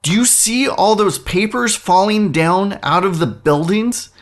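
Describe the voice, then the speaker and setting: Picture a self-absorbed client pressing his point with an insistent, swinging delivery, as a man quotes him. The pitch rises and falls a great deal while he demands an answer. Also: animated, measured pace. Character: demanding male investment client on phone.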